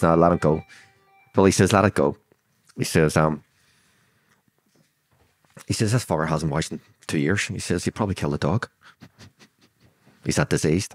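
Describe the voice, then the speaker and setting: Older Belfast man, deep and gravel-free, dry close recording, vivid blunt storyteller who voices each speaker. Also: dry recording. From Northern Ireland. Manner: vivid retelling that acts out quoted dialogue; blunt, swears freely. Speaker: guest. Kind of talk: storytelling interview.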